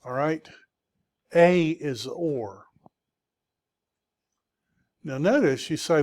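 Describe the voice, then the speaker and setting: Slow-paced man teaching Greek vocabulary. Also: on the high side, darkish tone. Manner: patient, checks in with students. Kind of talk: classroom lecture.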